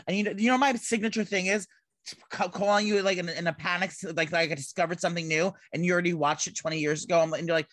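A man co-hosting a casual gossip podcast, rambling and excitable, swearing casually. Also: high voice, fast talker, no room sound. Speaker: podcast co-host.

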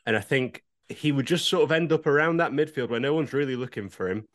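A man's voice: medium pitch, quick pace, fairly bright tone. A man co-hosting a casual podcast, playful and fond of spinning comic scenarios. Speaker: podcast co-host. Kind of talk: casual panel chat.

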